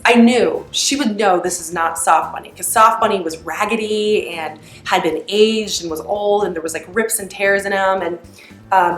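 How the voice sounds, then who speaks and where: A mother telling a family story in a casual, chatty way, meandering and full of fillers. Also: mid-range voice. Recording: roomy echo.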